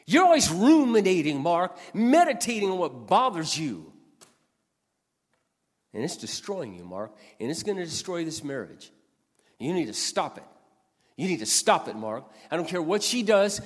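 A man booming as a stern scolding God. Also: vocal fry, slightly rough, full character voice. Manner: loud, forceful rebuke, repeating the name. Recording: long hall reverb.

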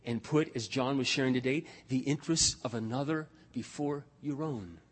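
An older man preaching a sermon as pastor, telling stories in a blunt, emphatic, animated way. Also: medium pitch, moderate pace. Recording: long reverb of a large hall.

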